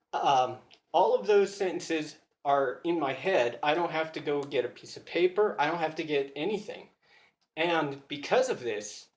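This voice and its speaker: American man, roomy phone recording. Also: a little high. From United States. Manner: earnest, thinking aloud, self-correcting. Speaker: language learner sharing study tips. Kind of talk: casual explanatory video talk.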